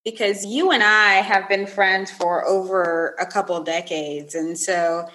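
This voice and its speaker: A woman, a longtime friend of the host, excitedly recounting in casual chat. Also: medium pitch, a little slow, low-quality recording.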